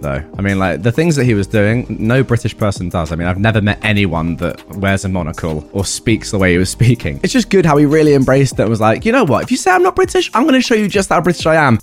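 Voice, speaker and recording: A man hosting a channel, reading stories aloud and joking about them afterward in a lively way. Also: medium pitch. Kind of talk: storytelling narration with commentary.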